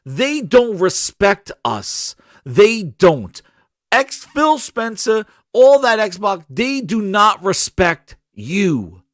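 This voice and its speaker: Drawing out his words in a high, sing-song, fairly bright voice, a gaming podcast host lets loose an angry, profanity-laden rant. He stammers and repeats himself, and the studio recording is clean with no echo.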